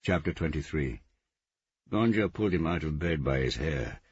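A man narrating a novel in steady, measured scripted narration. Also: rumbling low, breathy edge, no echo, muffled recording. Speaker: audiobook narrator.

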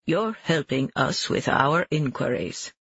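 A man reading the part of a terse middle-aged male police detective with a slow, dry drawl, on a dull, dry recording. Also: fairly high pitch, fairly even intonation, a bit bright, husky, no room sound.

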